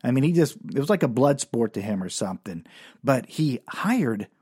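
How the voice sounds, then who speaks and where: A man's voice: medium pitch, big pitch swings, normal speed, darkish tone, breathy edge, dry recording, studio quality. A man hosting a podcast and telling his own comedy stories from memory, rambling and self-deprecating with lots of fillers. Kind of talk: comic storytelling from memory.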